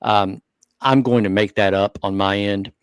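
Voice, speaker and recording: A man co-hosting a hobby talk show, speaking earnestly and thinking out loud in casual chat. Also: fairly low pitch, fairly even intonation, a little slow, clean tone, dry recording. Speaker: show co-host.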